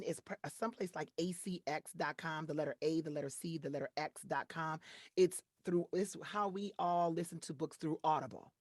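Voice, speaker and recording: A woman voiceover artist from Detroit speaks in a lowish register, with a dry, close sound that has almost no room around it. She chats freely as an interview guest and slips into demonstration voices while explaining her work. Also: no echo. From Detroit, USA. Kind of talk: casual interview chat.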